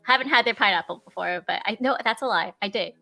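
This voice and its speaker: A young woman guest chatting casually on a live stream, telling animated stories and voicing little asides. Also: mid-range voice, quick pace, creaky, soft background music. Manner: chatty, animated storytelling with laughs and voiced asides. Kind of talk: casual chat.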